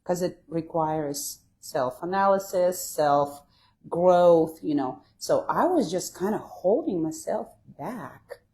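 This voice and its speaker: Woman, Russian accent, somewhat low voice, relaxed interview guest, reflective, soft trailing phrases. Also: takes it slowly. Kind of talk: casual conversational interview.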